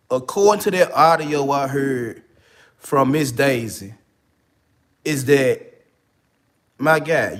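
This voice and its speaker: Memphis man with a cold, slangy commentary. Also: fairly high pitch. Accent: Memphis, Tennessee. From Memphis, Tennessee. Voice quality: slangy, repeats "you know what I'm saying". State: getting over a cold. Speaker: online relationship coach. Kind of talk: casual video commentary.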